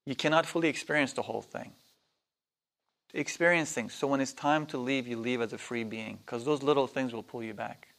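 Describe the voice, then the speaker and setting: A man's voice: medium pitch, brisk, a bit bright. A man leading a spiritual workshop in a loose, casual way, swearing freely and acting out voices when he tells stories. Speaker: workshop teacher. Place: workshop hall.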